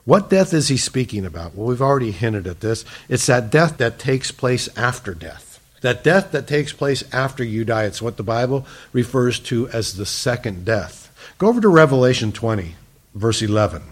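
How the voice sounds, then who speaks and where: A middle-aged male pastor preaching a sermon, earnest, shifting between emphatic lines and soft, hushed ones. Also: mid-range voice, lively intonation, moderate pace, breathy edge. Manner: earnest, swings from loud emphasis to hushed softness.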